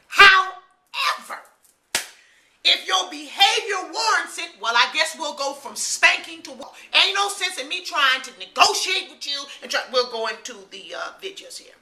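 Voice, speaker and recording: Fiery high-voiced woman vlogger. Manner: fiery, preachy, bursts into loud mocking voices. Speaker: vlogger giving her opinion. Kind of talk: animated opinion monologue. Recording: echoey room.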